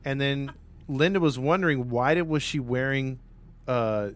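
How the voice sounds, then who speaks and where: A man's voice: medium pitch, moderate pace. A man casually telling a true-crime story as a podcast host, rambling with lots of fillers.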